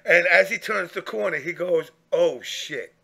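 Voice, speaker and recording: A man telling a profane, animated story in casual chat, acting out the people he quotes. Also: high-pitched, a little slow, gravelly.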